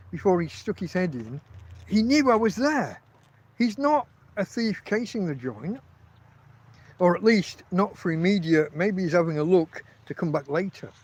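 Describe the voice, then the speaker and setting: Broadcasting live from inside his tent, an English podcast host chats casually in a voice that's high for a man. His profane stories wander, and he keeps stopping and restarting sentences. The recording is slightly rough and low in quality.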